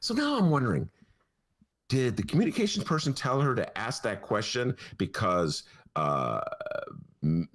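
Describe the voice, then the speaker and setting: A man's voice: medium pitch, big pitch swings, a little slow. A man hosting a podcast in casual chat, rambling through tangents with a self-mocking storyteller's manner. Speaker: podcast host.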